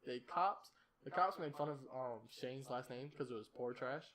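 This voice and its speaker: A man's voice: medium pitch, normal speed, over a noisy crowd. A young man hosting a podcast, telling a story in a rambling, profane, casual way and laughing at himself. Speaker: podcast host.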